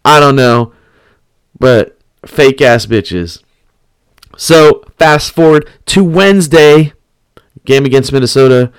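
A man's voice: medium pitch, clean tone, no room sound, clean studio sound. Profane slangy young man telling a story. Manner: profane, slangy, laughs often. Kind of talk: casual storytelling.

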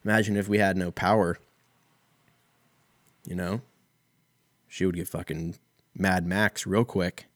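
Low-voiced man ranting casually. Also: steady tone, measured pace, pauses often, no room sound. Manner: rambling, profane, wry. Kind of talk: casual solo comedic rant.

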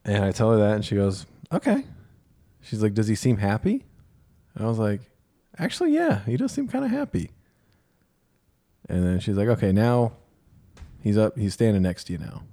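Low-voiced man telling a candid story. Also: steady tone, brisk, warm tone. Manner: candid, self-deprecating, quotes others in dialogue. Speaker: podcast co-host. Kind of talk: casual storytelling chat.

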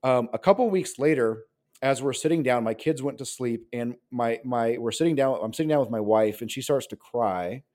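In a casual interview, a roughly forty-year-old pastor shares his story at a moderate pace. His voice is medium in pitch with a darkish tone, and he comes across as earnest and rambling, saying "like" constantly among many fillers.

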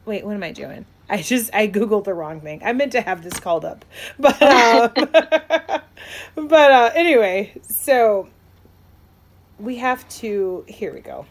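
A woman's voice: medium pitch, animated, takes it slowly. A young woman co-hosting a podcast in casual chat, rambling with many fillers and restarts and laughing often. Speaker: podcast co-host.

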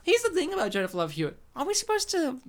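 Woman, podcast co-host, casual movie chat, blunt, joking, lively pitch. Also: racing. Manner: blunt, joking, does mock quotes.

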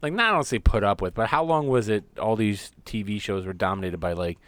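A man co-hosting a podcast in casual chat, swearing freely and retelling scenes with animated energy. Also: fairly low pitch, fairly quick, no room sound. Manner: profane, animated storyteller. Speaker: podcast co-host.

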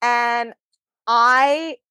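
Woman, podcast co-host, casual storytelling, fairly high voice, dry close sound. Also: fairly even intonation, extremely slow, pushed and bright, clear, resonant tone, no room sound. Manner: chatty storytelling, swears freely, laughs often. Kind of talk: casual chat.

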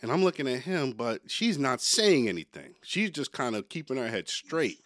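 A man in his forties co-hosting a podcast, telling a story with lively quoted voices in casual banter. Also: medium pitch, normal speed, no echo. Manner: animated storyteller, acts out quotes loudly. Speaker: podcast co-host.

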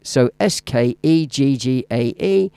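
Hosting a radio show, a DJ with a Midlands English accent rambles and waffles chattily between records. His medium-pitched voice is mellow, smooth and expressive, with a slow pace and no room sound.

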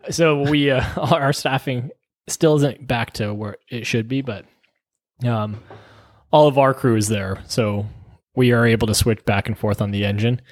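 A male firefighter chatting casually, relaxed and laid-back. His voice has a middle pitch and a dry, close sound. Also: unhurried, dry recording. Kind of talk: casual chat.

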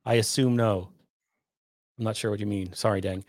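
A man's voice: lowish voice, fairly even intonation, moderate pace, a little mellow, no room sound, clean studio sound. A man hosting a live stream, casually questioning his guest and reading out viewer comments, with many fillers.

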